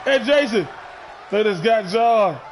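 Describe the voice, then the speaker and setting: A man doing excitable play-by-play commentary of a wrestling match, often shouting his calls. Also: sits high, slow pace, a faint crowd, a little hiss or hum.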